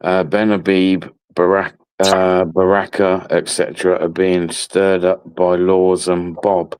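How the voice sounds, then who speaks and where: A very low-voiced man hosting a late-night live chat stream. He talks bluntly and opinionatedly, circling back over his points and swearing freely. His voice is close and dry, with no room sound. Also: little pitch movement, slow, a little mellow, clear, resonant tone, no echo. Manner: opinionated, repeats himself, casual swearing.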